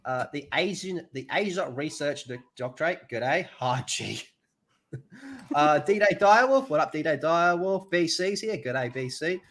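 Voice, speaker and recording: A man's voice: on the high side, expressive, normal speed, a bit bright. A man hosting a casual livestream, greeting viewers and swearing freely. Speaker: livestream host.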